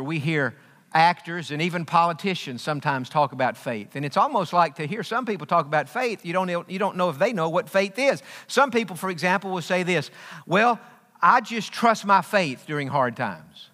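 A man preaching with a high, bright, ringing voice that carries through a big, echoing sanctuary. He hammers his points home through repetition and folksy asides. The long reverb trails after each phrase. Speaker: pastor. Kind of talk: sermon. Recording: long reverb of a large hall.

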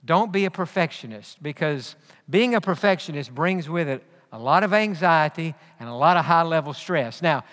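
High-voiced preacher in a reverberant hall. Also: male voice, a bit bright. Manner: earnest, repeats phrases, restarts often. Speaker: pastor. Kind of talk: sermon.

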